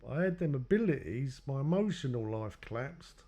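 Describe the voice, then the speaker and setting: A man's voice: medium pitch, lively intonation, normal speed, warm tone. A man telling his own life story in a loose, rambling way, acting out what others said to him. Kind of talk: personal storytelling.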